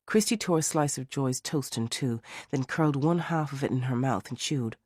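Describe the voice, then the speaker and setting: A man narrating a mystery thriller audiobook in a measured storytelling way. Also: mid-range voice, dry recording, clean studio sound. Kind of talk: scripted narration.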